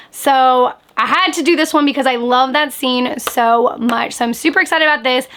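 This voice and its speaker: A young woman chats about the books she has been reading. She sounds enthusiastic and casual, with many "like" fillers, and her voice sits fairly high. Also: a bit bright. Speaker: book vlogger. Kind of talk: casual book review vlog.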